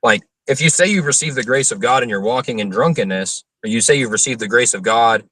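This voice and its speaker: Earnest young preacher explaining scripture. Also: male voice, mid-range voice, a little fast, bright, forceful tone, no room sound, distant mic, poor audio. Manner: earnest, explains at length with fillers and restarts. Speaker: interview guest, open-air preacher. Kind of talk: explanatory interview answers on theology.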